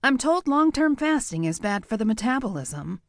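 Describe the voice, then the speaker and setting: A man voicing a wry, nervous young woman with a clipped Midwestern accent and a quick, smart mouth. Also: extremely high pitch, big pitch swings, no echo, studio quality, pitched above the performer's own voice, full character voice. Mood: teasing. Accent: Midwestern American.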